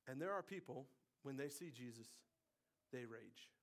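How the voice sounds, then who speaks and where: A man in his thirties preaching a sermon, moving between hushed, quiet passages and loud, emphatic bursts. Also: mid-range voice, animated, normal speed. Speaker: pastor.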